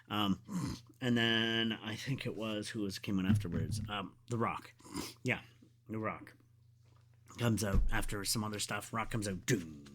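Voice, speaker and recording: A man hosting his own show, chatting casually and excitedly through a wrestling event recap, rambling and going back to correct himself. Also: medium pitch. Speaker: wrestling podcast host. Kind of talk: casual solo review chat.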